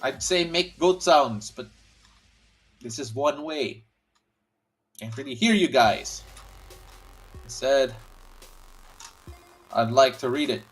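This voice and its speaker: A man's voice: medium pitch, lively intonation, slow, long pauses, soft background music. A man hosting a live basketball watch-along stream, calling the action casually and reading viewer comments aloud. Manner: chatty, reads viewer comments aloud, frequent restarts. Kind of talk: casual play-by-play and chat reading.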